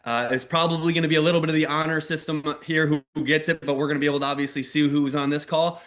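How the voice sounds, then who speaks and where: A man in his thirties from Minnesota, giving a lively motivational talk with stories on a mentorship call. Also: on the high side, rapid-fire. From Minnesota, USA. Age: 30s. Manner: energetic, acts out quoted voices loudly. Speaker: network marketing mentor. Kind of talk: motivational storytelling on a group call.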